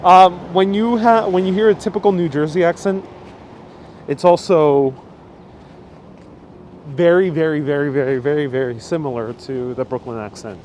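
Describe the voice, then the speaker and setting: A man from New York City with a New York accent hosts a live outdoor walking tour on a windy street, chatting amiably and answering viewer comments aloud as he walks. His voice is on the high side yet darkish, steady in tone, at a normal speed with frequent pauses. Faint street ambience and traffic pass in the background.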